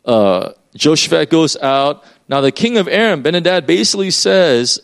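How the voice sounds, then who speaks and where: A man's voice: on the high side, big pitch swings, normal speed, vocal fry, few pauses. A man preaching a sermon in a loose, conversational way, explaining as he goes with many fillers and restarts.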